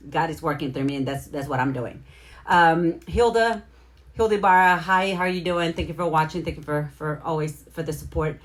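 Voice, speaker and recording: A woman with a slightly low voice talks casually to her live-stream viewers. She repeats and rephrases herself as she explains, then greets people one by one by name. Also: brisk. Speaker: livestream host.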